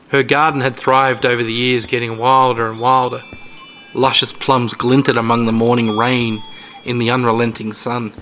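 A man reading a short story aloud as narrator, in a steady, measured way. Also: medium pitch, slight background noise, rough recording.

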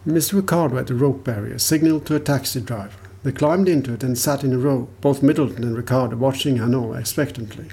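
A man giving a measured, even audiobook narration of a detective story. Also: medium pitch, gravelly, poor audio. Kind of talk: scripted narration.

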